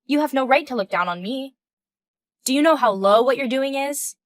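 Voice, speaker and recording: Reading a text-message story, a woman in her thirties plays a composed, indignant wife in her mid-thirties, sounding firm, cold and questioning. Her high-pitched voice has lively intonation at normal speed, recorded dry with clean studio sound.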